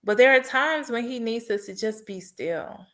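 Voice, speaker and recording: A woman's voice: fairly high pitch, expressive, normal speed, fairly bright tone. A woman podcast host telling a personal story in an earnest, heartfelt way and offering faith-based encouragement. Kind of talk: personal testimony monologue.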